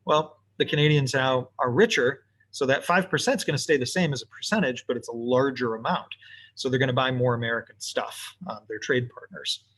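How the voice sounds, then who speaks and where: A man teaching economics in a relaxed, offhand way, thinking aloud as he sketches graphs for an online class. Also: medium pitch, a little fast. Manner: casual, talks to himself while drawing. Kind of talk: recorded lesson while sketching graphs.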